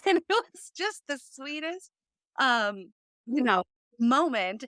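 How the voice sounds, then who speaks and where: A woman's voice: high voice, big pitch swings, slow pace, fairly bright tone, dry recording. A woman in her thirties hosting a podcast, telling a personal story in an earnest, heartfelt way with lots of fillers. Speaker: podcast host. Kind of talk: casual chat.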